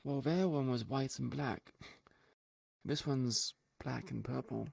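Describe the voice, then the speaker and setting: A man's voice: mid-range voice, slow pace, vocal fry, a little mellow, husky, no echo. A man talking in character during a roleplay, blunt and dryly sarcastic, swearing casually. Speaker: roleplay player.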